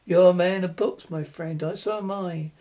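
Man reading as a shrill raving warlock, frantic, boastful, high-pitched. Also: steady tone, moderate pace, mellow, natural voice. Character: crazed male self-taught warlock, shrill and boastful.

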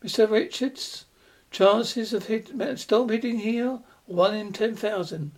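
A reader voicing a frightened old male rural postmaster who warns in folksy, hushed urgency in a storybook reading. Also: medium pitch, a little slow, natural voice. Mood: urgent warning. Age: older. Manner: secretive rustic warning, folksy grammar.

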